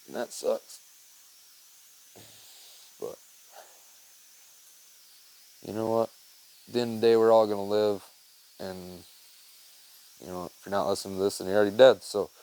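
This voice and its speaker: A man's voice: medium pitch, gravelly, a little mellow, low-quality recording. A young man hosting his own podcast, talking in a rambling, profane, heartfelt way with lots of fillers. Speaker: podcast host. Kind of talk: casual monologue.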